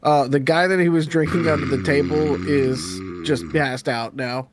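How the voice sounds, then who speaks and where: A man's voice: on the high side, moderate pace, background noise. A man playing a tabletop game, rambling loosely with lots of fillers. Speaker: player. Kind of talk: tabletop role-play.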